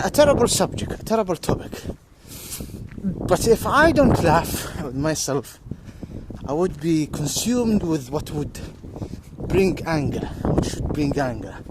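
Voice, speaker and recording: A man rambling in a monologue while he walks outdoors, repeating himself and laughing to himself, with loud wind hitting the mic. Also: on the high side. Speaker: vlogger. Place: outdoors, walking in strong wind.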